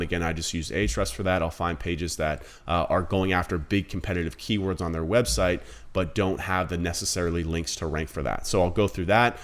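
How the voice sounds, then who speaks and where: A man in his thirties giving a casual screen-recorded marketing tutorial, blunt and conversational, calling viewers guys. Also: low-pitched. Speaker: marketing instructor.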